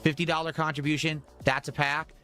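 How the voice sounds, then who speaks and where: A man's voice: a little high, level tone, brisk, bright, forceful tone. A man streaming casually, reading donations and bluntly dismissing viewer comments. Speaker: streamer in a replayed clip.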